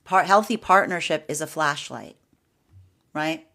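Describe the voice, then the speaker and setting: A woman's voice: fairly low pitch, very animated, a little slow, creaky, sharp tone. Chatty woman reading tarot, many "like"s. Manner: chatty, repeats "right?" and "like", laughs often. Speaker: tarot reader. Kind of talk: solo tarot reading to camera.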